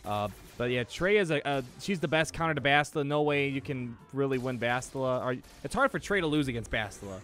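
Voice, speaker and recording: A young man co-hosting a casual gaming chat, jokey and rambling, quick to laugh. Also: medium pitch, lively intonation, fairly bright tone, faint music behind. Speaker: podcast co-host.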